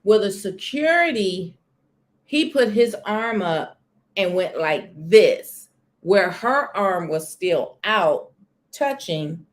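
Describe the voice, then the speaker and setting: Her voice is medium in pitch and expressive, and she takes her time. She is a livestream host talking casually about celebrity news from a corner of her home near a sunny window, calling out chat viewers by name.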